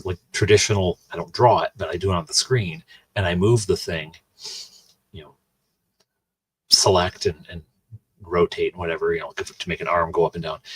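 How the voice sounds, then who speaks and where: A man with a very low, husky voice chats loosely with his stream audience, wandering off into asides and restarting his sentences. The sound is close and dry, with no room around it. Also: dry recording. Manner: rambling, chatty, many restarts and asides to chat. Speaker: streamer and host. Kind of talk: casual chat while livestreaming.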